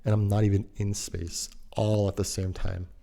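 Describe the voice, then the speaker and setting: A man's voice: on the low side, little pitch movement, moderate pace, creaky, warm tone. A man telling a personal story in a laid-back, slangy, rambling way that drifts into musing.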